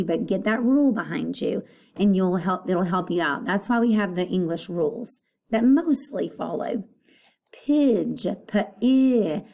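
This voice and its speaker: A woman's voice: medium pitch, darkish tone. A woman teacher giving a recorded phonics lesson for young children, patiently repeating words to sound them out. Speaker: elementary school teacher.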